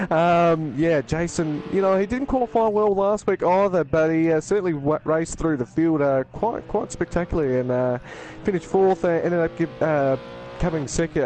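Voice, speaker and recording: A man co-commentating a sim race in a laid-back, halting way, with lots of fillers. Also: on the high side, darkish tone, a little hiss or hum.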